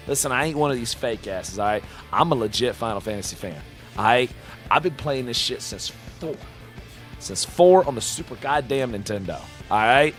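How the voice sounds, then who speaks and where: Man, live streamer, bright forceful voice, profane and hyped, loud whoops and quiet asides, faint music behind. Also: mid-range voice. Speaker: live-streamer reacting to game announcements. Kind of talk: excited live-stream chat. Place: home streaming room with shelves of games.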